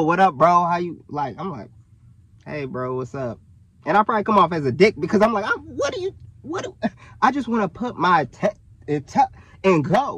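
A man's voice: fairly high pitch, no room sound. Young man, casual dry-sounding vlog. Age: young adult. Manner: animated, lots of fillers and self-corrections. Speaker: vlogger. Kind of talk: casual direct-to-camera talk.

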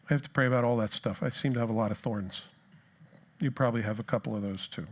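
A man's voice: mid-range voice, fast. A man from New Jersey with a New Jersey accent, preaching a sermon in a conversational, self-deprecating way and acting out the disciples' cries. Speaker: pastor.

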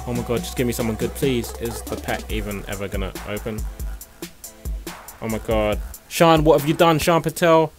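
A young man commentating a game pack opening, excitable and foul-mouthed, breaking into shouts. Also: mid-range voice. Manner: excitable, swears freely, bursts into shouting. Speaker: gaming YouTuber.

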